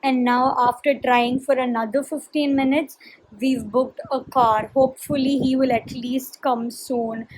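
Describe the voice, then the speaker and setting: High-voiced young woman vlogging. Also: fairly even intonation, a little slow, slight background noise, low-quality recording. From Chennai, India. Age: young adult. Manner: chatty, talks straight to viewers with fillers. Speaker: college student vlogger. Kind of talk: casual vlog talk to camera.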